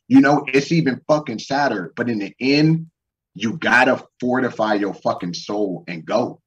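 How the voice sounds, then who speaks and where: A man's voice: medium pitch, expressive, a little fast, distant mic, low-quality recording. A man hosting a casual talk show, ranting in a profane, fired-up motivational way. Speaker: podcast host. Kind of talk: casual chat.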